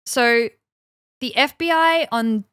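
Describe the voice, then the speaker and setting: A woman's voice: on the high side, slow pace, a bit bright, clean tone, no room sound, clean studio sound. A woman co-hosting a podcast, telling a story in casual chat, full of fillers and little acted-out quotes. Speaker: podcast co-host. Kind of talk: casual chat, recounting events.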